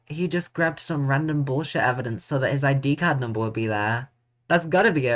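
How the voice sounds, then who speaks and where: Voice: mid-range voice, fairly quick, soft background music. Tired streamer reacting with blunt swearing. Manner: reads game text aloud and reacts bluntly with swearing. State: tired, yawning. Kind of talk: live game playthrough commentary.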